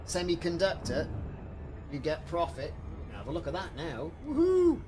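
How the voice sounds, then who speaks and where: A man's voice: on the high side, moderate pace, background noise. A man chatting casually while live-streaming a game, rambling and answering viewers. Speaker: livestreamer.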